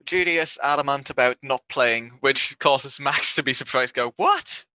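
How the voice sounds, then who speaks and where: A man with a bright, forceful voice summarizes a film's plot in casual podcast talk. When he quotes the characters, his pitch jumps way up. The sound is dry and close. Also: moderate pace, dry recording. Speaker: podcast co-host. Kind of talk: casual movie recap chat.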